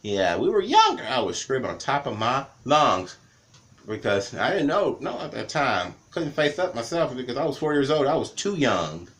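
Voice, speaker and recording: A man in his thirties tells childhood stories in a loose, casual way, circling back and restarting his sentences as he goes. His voice sits at an ordinary, middle pitch. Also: big pitch swings, moderate pace, a bit bright. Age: 30s. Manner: rambling, repetitive, with many restarts. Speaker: vlogger. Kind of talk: casual storytelling.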